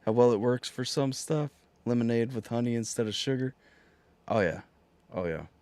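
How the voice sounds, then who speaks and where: A man hosting a live music reaction stream, hoarse and nearly voiceless, chatting casually with his viewers and reading out their messages. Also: mid-range voice, moderate pace, darkish tone, no room sound. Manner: chatty, talks straight to viewers, reading out chat.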